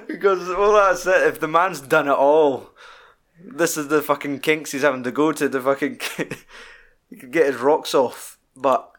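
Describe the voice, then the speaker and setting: A man's voice: fairly high pitch, takes it slowly, pauses often. A young man in casual film chat as podcast co-host, animatedly retelling scenes with lots of swearing. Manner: animated storytelling, sweary, quoting scenes in put-on voices.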